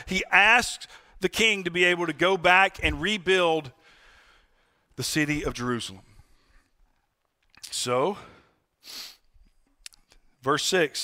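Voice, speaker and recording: A man's voice: high-pitched, measured pace, pauses often, pushed and bright. A male pastor preaching a sermon in a conversational way, calling the congregation "friends" and asking them for an "Amen.". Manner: asks for "Amen?" responses. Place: church.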